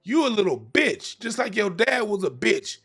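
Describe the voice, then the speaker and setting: A man's voice: high voice, very animated, normal speed, fairly bright tone, breathy edge, pitched above the performer's own voice, exaggerated voice. A man voicing a cruel mother who curses at her young son in a harsh, insulting way. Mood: contemptuous.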